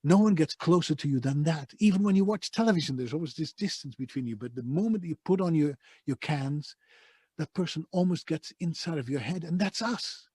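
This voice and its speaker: A man's voice: on the high side, fairly quick, mellow, slightly rough, no echo. A man with a Dutch accent, a voice-over artist, telling his story with passion and emphasis in a soundproof home studio. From Netherlands. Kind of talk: conversational interview storytelling.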